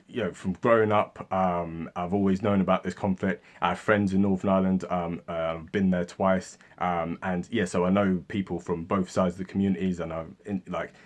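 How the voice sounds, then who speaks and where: A man's voice: low-pitched, steady tone, brisk. A man answering viewer questions in a loose, casual way, with many fillers and restarts as he thinks aloud. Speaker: history video creator answering viewer questions. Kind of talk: casual Q&A chat.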